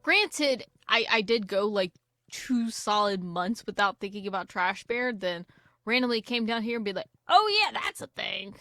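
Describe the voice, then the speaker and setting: A young woman who hosts a gaming channel gives casual let's-play commentary on a farming game, drifting into sweary, self-mocking tangents. Her voice is medium-pitched and fairly bright at a normal speed. The dry, clean studio recording has faint game music behind it.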